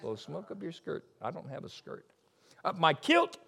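A man preaching a sermon in an emphatic, lively way, repeating key lines and adding asides. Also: on the high side, normal speed, gravelly, husky. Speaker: pastor.

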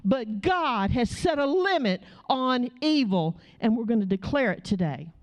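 A woman's voice: a little high, expressive, measured pace, no room sound. A middle-aged woman preaching a passionate sermon, telling a story and voicing the people in it. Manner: passionate, storytelling with quoted voices.

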